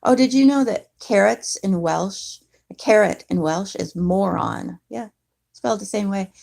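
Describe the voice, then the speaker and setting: A woman's voice: mid-range voice, unhurried, creaky, a little mellow. A woman vlogger chatting casually and rambling, now and then talking to her cat.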